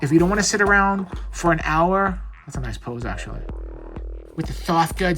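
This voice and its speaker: A man's voice: fairly high pitch, lively intonation, normal speed, sharp tone, soft background music. A man reviewing an action figure in a casual, blunt and frustrated way, rambling as he fiddles with it at home. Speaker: toy reviewer. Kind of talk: casual chat.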